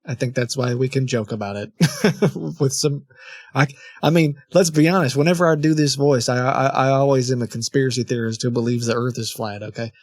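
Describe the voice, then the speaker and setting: A young man who streams scam-baiting content rambles casually in a brisk, mid-range voice, drifting between thoughts. He often stops to restart sentences, correcting himself with short laughs, and the sound is dry and close with no room echo.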